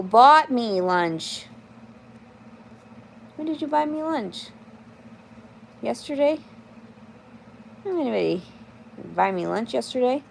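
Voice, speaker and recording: A woman's voice: a little high, lively intonation, slow, creaky, long pauses, slight background noise. A woman in her thirties livestreaming in casual chat, reading out comments and answering them in a blunt, profane, rambling way.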